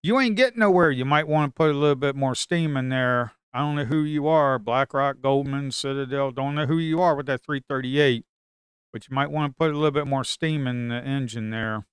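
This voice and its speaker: Male trader streaming live, mutters, repeats himself, curses; smooth, close, dry sound. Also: medium pitch, brisk, no room sound. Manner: talks to himself and viewers, repeats phrases, swears. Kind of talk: live trading commentary.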